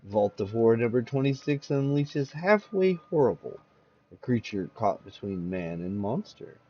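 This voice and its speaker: A man's voice: mid-range voice, expressive, darkish tone, husky, highs cut off. A man putting on a gloating ghoulish horror host. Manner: slow, gloating, theatrical. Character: ghoulish cackling male horror-comic host.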